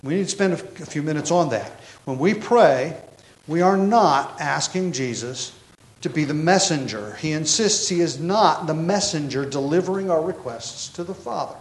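A man's voice: on the high side, lively intonation, normal speed. Man preaching an expository sermon. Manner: expository, emphatic with frequent restarts. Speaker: pastor. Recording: echoey room.

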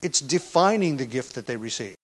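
A man's voice: medium pitch, lively intonation, fairly quick, rough recording. A middle-aged man teaching an expository sermon on a Bible passage, talking conversationally and leaning hard on key phrases. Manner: conversational teaching, stresses key phrases, frequent fillers and restarts.

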